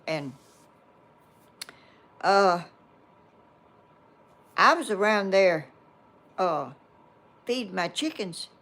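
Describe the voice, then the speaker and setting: Slow-talking older woman. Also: on the low side, fairly bright tone. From Georgia, US. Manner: homespun, meandering, reads viewer comments aloud. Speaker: vlogger. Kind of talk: rambling personal storytelling.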